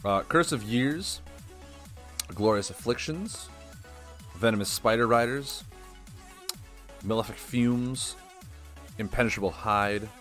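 A man's voice: lowish voice, takes it slowly, long pauses, fairly bright tone, soft background music. A young man chatting casually on a live stream as he opens card packs and reads the card names aloud.

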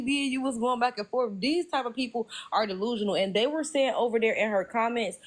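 A woman's voice: on the high side, fairly quick, hardly any pauses. Outspoken young woman on a phone stream. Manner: outspoken, laughs often. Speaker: live stream panelist. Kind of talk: casual chat.

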